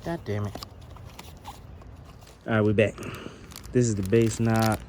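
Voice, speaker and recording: A man's voice: fairly low pitch, fairly even intonation, a little slow, a little mellow, slight background noise. A young man giving a casual, slangy, profane unboxing commentary outdoors beside a car, filming on a handheld phone. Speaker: car audio vlogger.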